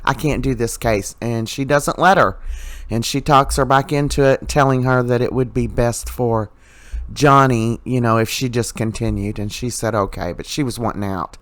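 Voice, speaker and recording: A man's voice: medium pitch, fairly even intonation, moderate pace, a bit bright, no room sound. A man with a mid-range voice recaps the day's soap opera episode in a casual, chatty way. He fills his speech with "you know" and "uh" and drops in his opinions as he goes. The tone is conversational, like a regular catching his viewers up.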